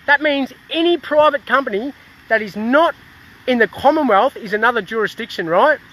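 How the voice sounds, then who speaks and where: A man's voice: extremely high pitch, lively intonation, normal speed, a bit bright. An Australian man in a casual activist rant, heated and swearing, with many restarts, recorded outdoors in a town.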